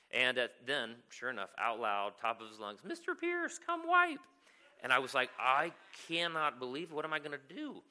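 A man's voice: medium pitch, sharp tone. A man preaching a sermon as a pastor, telling a story and often checking in with "right?". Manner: storytelling, keeps asking "right?".

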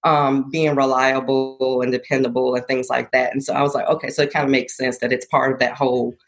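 A woman's voice: rumbling low, little pitch movement, fairly quick. A young woman being interviewed as a guest, talking reflectively and earnestly about herself and laughing easily. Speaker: guest, former college athlete turned entrepreneur. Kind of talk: conversational interview.

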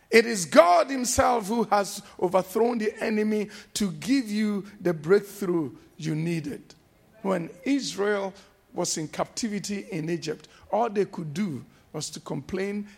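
A male pastor delivers a sermon in a high voice that turns gravelly and husky. He preaches slowly and emphatically, circling back to the same refrains. Now and then he breaks into shouted exclamations.

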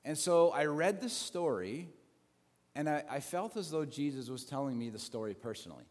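A man's voice: fairly high pitch, expressive, moderate pace, a little mellow. A male pastor telling a story in a sermon, conversational, with restarts and asides. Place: church sanctuary. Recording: long hall reverb.

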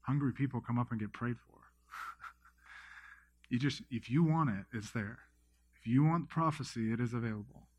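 A man in his thirties, a pastor preaching a sermon with lively storytelling, often acting out his own thoughts and others' words. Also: mid-range voice, normal speed, long pauses. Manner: energetic storytelling, quotes himself and others.

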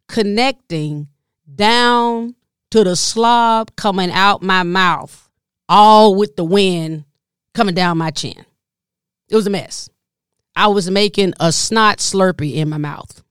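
Podcast host, woman, middle-aged, unhurried storyteller, smooth voice, dry close sound. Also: dry recording. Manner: animated, addresses listeners as y'all, voice drops low and soft when moved.

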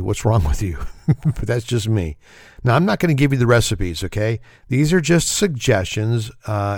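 A man's voice: mid-range voice, dry recording, studio quality. Wry, chuckling man host. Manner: wry, sarcastic, laughs often. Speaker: podcast host. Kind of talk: casual comedic chat.

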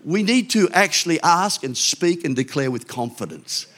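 A man's voice: fairly high pitch, lively intonation, fairly bright tone. Older man preaching casually. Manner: conversational preaching with quick asides and restarts. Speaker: pastor. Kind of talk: sermon.

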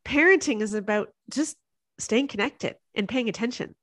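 Higher-pitched woman, dry close sound. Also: moderate pace, dry recording. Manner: thoughtful, laughs lightly. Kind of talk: casual podcast conversation.

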